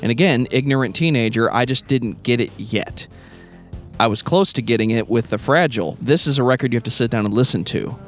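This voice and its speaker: A man on a casual music podcast, speaking in a reflective, measured way. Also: mid-range voice.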